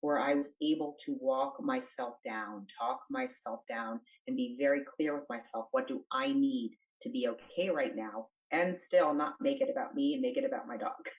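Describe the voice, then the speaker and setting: A woman's voice: very deep voice, normal speed, few pauses, recorded from a distance, poor audio. A middle-aged woman guest on a podcast, talking earnestly and emphatically about breath and stress. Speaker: podcast guest, energy worker. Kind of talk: conversational interview.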